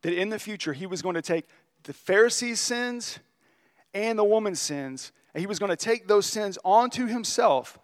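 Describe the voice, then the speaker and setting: A man preaches in a relaxed, conversational way, his voice sitting a little higher than most men's. He is earnest and confessional in tone, and he slows down to lean on the key lines of a story. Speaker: pastor. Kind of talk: conversational sermon.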